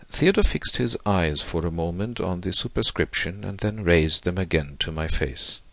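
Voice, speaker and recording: Deep-voiced man reading a novel. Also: expressive, moderate pace, vocal fry, hardly any pauses, a bit bright, no echo. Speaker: audiobook narrator. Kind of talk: audiobook reading of a classic novel.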